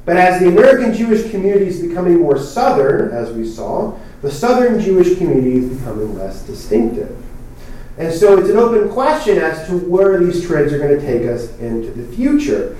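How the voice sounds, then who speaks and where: A man's voice: a little high, big pitch swings, fairly quick, warm tone. A man giving an academic lecture from prepared text, with fillers and wry asides, recorded in a hall. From New Jersey. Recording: very echoey hall, speaker far from mic.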